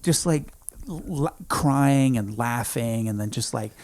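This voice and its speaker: A man in his thirties, a podcast guest in a home studio, telling a story in an intense, emphatic way, often saying "dude" and swinging between hushed and loud. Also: mid-range voice, slow pace. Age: 30s. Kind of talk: casual storytelling.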